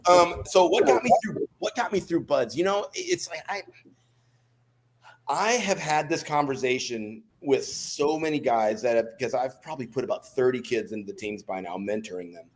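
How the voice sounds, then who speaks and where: A man's voice: medium pitch, normal speed. American man telling old service stories. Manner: relaxed, rambling storyteller with restarts. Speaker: guest, former Navy SEAL. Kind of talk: storytelling in a podcast interview.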